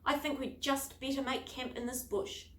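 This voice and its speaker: A woman voicing a sensible, serious boy scout in a storybook, steady and a little stern. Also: sits high, moderate pace, slight background noise, pitched above the performer's own voice, lightly acted. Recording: echoey room.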